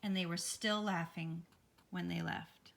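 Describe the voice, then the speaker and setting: A woman reading a children's picture book aloud, expressive and lively. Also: on the low side, unhurried, gravelly, noisy background. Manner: expressive, lively character voices. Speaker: read-aloud storyteller.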